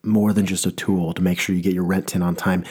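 A man's voice: sits low, flat delivery, brisk, darkish tone, breathy edge. A young man delivering a rambling, mock-earnest comedic rant, often stopping to correct himself.

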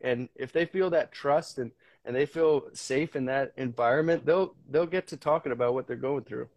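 A man's voice: mid-range voice, moderate pace, a little mellow, no room sound. A man as a podcast guest, talking candidly with frequent restarts, casual swearing and earnest storytelling. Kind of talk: candid conversation.

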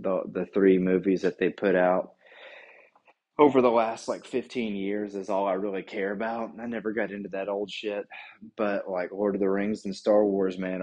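A man in his thirties talks on his own in a loose, rambling way, full of "dude" and casual swearing. His voice sits on the low side with a husky edge. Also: a little mellow. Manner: rambling, laid-back, swears and says "dude" often. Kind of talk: casual solo chat.

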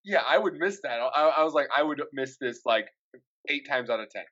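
A man's voice: mid-range voice, animated, moderate pace, fairly bright tone. A man co-hosting a podcast in casual chat, laid-back, laughing often and agreeing with short replies. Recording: slightly dull, lo-fi sound.

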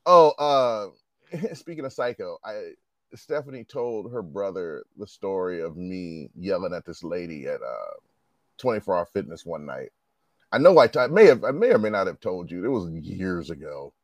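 A man's voice: on the low side, no room sound. A man in his forties in casual chat, telling stories with lots of swearing and acting out quoted dialogue.

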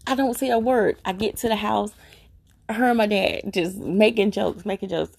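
A middle-aged woman casually telling a personal story, chatty and animated, acting out her family's voices and repeating herself for emphasis. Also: medium pitch, moderate pace, vocal fry, slightly rough.

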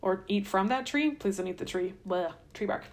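A woman's voice: mid-range voice, lively intonation, moderate pace, lightly acted. A woman voicing a sly, chatty male snake tempter who teases and drops into conspiratorial whispers.

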